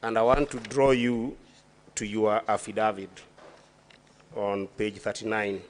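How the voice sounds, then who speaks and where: A Kenyan man with a somewhat low voice questions a witness in a senate chamber. He speaks in a formal, measured way and often pauses on fillers before restarting his sentences. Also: flat delivery, a little hiss or hum. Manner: deliberate, halting, with frequent fillers and restarts.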